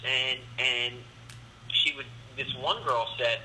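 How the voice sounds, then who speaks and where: A man's voice: mid-range voice, takes it slowly, slight background noise, rough recording. A man, a guest comedian, telling a story in a casual podcast chat and acting out the voices. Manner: animated, acts out the voices in his stories.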